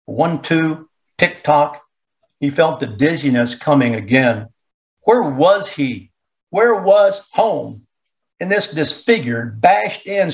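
Male story narrator, measured and rhythmic, slightly higher voice, muffled low-fidelity recording. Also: creaky. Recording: dull lo-fi recording.

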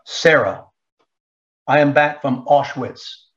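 A man's voice: medium pitch, slow pace, fairly bright tone, highs cut off. A man reading the lines of a frail young woman survivor, in a small, subdued voice. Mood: quiet.

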